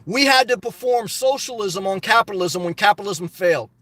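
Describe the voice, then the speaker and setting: High-voiced middle-aged man ranting passionately. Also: brisk, pushed and bright, no echo. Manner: reads viewer comments aloud and answers them. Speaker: livestream host. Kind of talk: casual live-chat reply.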